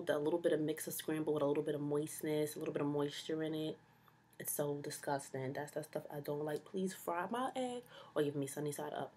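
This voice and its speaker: A young woman with a husky, slightly low voice, ranting to camera in a casual, comedic style. She is sassy and exasperated and full of slang, and she keeps her delivery loose and conversational. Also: darkish tone. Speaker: vlogger.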